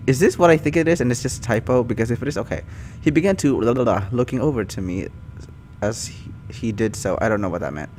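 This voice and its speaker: A man doing a comic read-through of fan fiction, animated and often breaking off to laugh and comment. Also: mid-range voice, fast talker, slight background noise. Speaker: YouTuber reading fan fiction. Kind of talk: comic reading with live reactions.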